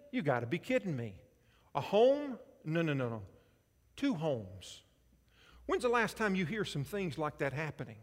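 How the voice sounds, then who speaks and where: A man preaching a sermon as pastor, telling personal stories and asking the congregation questions. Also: a little high. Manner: storytelling with quoted voices and audience questions. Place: church sanctuary. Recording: church hall reverb.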